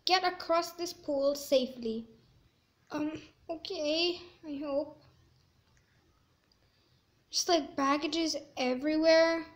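Woman narrating gameplay, high voice, unhurried pace, chatty and squeamish. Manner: chatty, squeamish, quick to exclaim disgust. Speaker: gaming video creator. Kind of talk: gameplay commentary.

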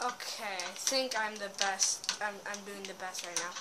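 A woman giving casual gameplay commentary, excitable and often bursting into yells. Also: mid-range voice, moderate pace, heavy background noise.

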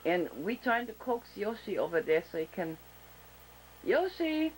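A woman with a German accent hosting a casual interview show over a video call, talking slowly and deliberately with many fillers and restarts. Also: on the low side, slight background noise, low-quality recording. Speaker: talk show host.

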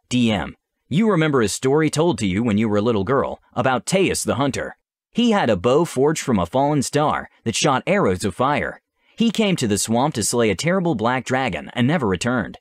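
A man narrating a tabletop adventure as game master, with measured, descriptive storytelling. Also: mid-range voice, sing-song, no echo, studio quality.

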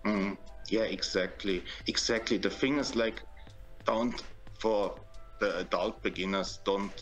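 A man's voice: on the low side, measured pace, soft background music. German accent guy, guest in an interview, earnest, keeps repeating words as he thinks. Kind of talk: interview conversation.

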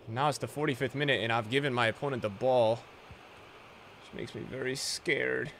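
A young adult man giving live commentary over his own video game matches, excitable, jumping from loud yelps to low muttering. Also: moderate pace, creaky, slight background noise. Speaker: gaming video creator.

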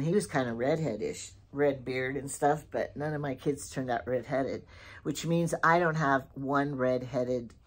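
Low-voiced middle aged lady rambling thru a shopping haul, chatty, keeps wandering off topic. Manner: rambling, digressive storytelling. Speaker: lifestyle vlogger. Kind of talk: casual shopping haul chat.

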